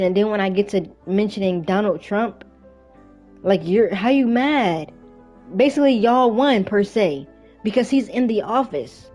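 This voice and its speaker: A woman's voice: medium pitch, a little mellow. A young woman vlogger casually telling a rambling story from her workday, full of fillers and restarts. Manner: chatty, rambling, frequent fillers. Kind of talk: casual storytime while playing a game.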